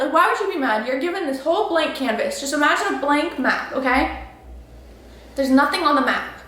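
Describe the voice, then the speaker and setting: A woman's voice: high voice, a bit bright. A woman hosting her own vlog and giving a blunt, emphatic motivational pep talk. She swears freely and talks straight to the listener. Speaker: vlog host. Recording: very echoey room with faint noise.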